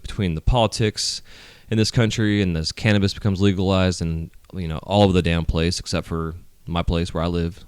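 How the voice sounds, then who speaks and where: A middle-aged man with a low, smooth and resonant voice hosts a casual podcast chat. He rambles through his points with plenty of fillers and frequent swearing. The recording is dry and close, spoken into a handheld mic. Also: no echo. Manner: rambling, profane, heavy with fillers. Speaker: podcast host.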